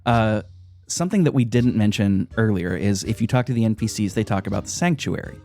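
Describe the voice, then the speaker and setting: A man's voice: fairly low pitch, lively intonation, a little fast, warm tone. A man hosting a podcast, casually retelling a game's story, laughing often and swearing now and then. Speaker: podcast host.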